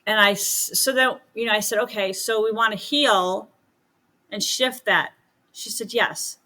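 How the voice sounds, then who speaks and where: Chatty woman with a bright voice. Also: mid-range voice, a little slow. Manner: chatty storyteller, acts out quoted dialogue. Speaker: podcast guest, medium and healer. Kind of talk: casual podcast chat.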